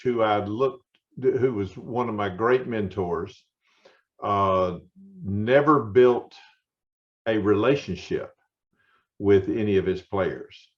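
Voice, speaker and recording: A man's voice: lowish voice, highs cut off. An older man, a former coach, interviewing and reflecting on his own coaching days. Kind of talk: casual interview chat.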